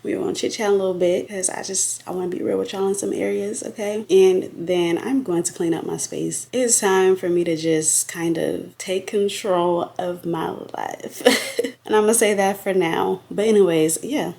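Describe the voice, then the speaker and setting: A woman's voice: medium pitch, steady tone, moderate pace, gravelly, a little mellow. A woman vlogging casually to her viewers, speaking to them directly while she is outdoors, recorded on a handheld camera. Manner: chatty, addresses viewers directly as y'all. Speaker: lifestyle vlogger. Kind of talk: casual vlog chat to camera. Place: outdoors, waiting for a ride.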